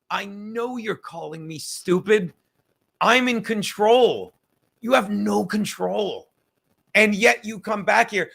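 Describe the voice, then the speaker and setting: A man's voice: high-pitched, creaky, pushed and bright. A man hosting a casual podcast livestream, reading chat aloud with profane, rambling, self-mocking talk while fumbling to light a cigar.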